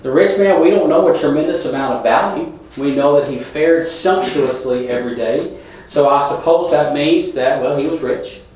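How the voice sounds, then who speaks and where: A man's voice: on the high side, normal speed, darkish tone. A man preaching a sermon in a plain, conversational way, talking straight to the congregation. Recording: very echoey room, from a distance.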